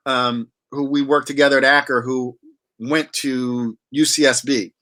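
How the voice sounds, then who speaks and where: A man's voice: mid-range voice, fairly even intonation, unhurried, bright, forceful tone. A man telling stories in a casual interview, full of restarts and fillers. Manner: rambling, many restarts and fillers. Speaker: wine auctioneer and guest.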